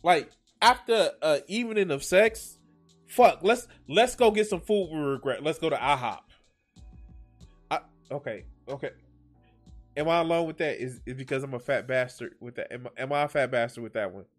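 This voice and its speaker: A man's voice: on the high side, normal speed, faint music behind. A man hosting a reaction video, rambling and swearing in casual commentary. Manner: rambling, swearing, self-mocking.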